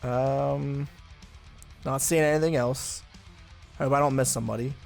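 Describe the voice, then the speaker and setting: A man's voice: mid-range voice, steady tone, unhurried, vocal fry, a little mellow, faint music behind. A man commentating his own football video game play in a casual, chatty way, thinking aloud with blunt asides. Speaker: gaming channel host.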